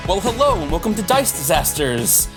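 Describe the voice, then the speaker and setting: A man's voice: sits high, moderate pace, creaky, loud music behind the voice. A man hosting a tabletop game podcast, chatting casually and rambling with lots of fillers. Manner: rambling, filler-heavy, animated. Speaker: podcast host.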